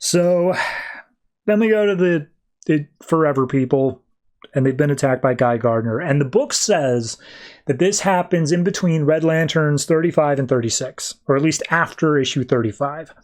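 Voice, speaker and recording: A man's voice: on the high side, normal speed. A man hosting a podcast, recapping a comic book in a casual, rambling way. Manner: chatty, rambling. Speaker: podcast host.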